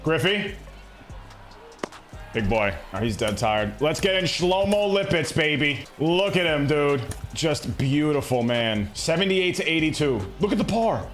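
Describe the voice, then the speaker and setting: A young man streaming a baseball video game, reacting in excitable, slangy commentary that swings between loud hype and low muttering. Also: a little slow, soft background music. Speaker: gaming streamer. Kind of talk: live gameplay commentary.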